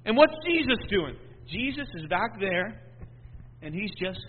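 A high-voiced man preaches a sermon, dropping to a hush and then rising loud, often stumbling and repeating words. The sound is thin and tinny like a phone line, with a long echo trailing off in a large hall. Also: big pitch swings, unhurried, a little hiss or hum.

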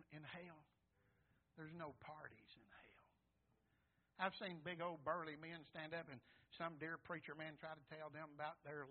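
Preacher man on a tinny line. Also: slightly rough. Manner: swings from hushed, halting storytelling to loud, high cries. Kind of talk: sermon.

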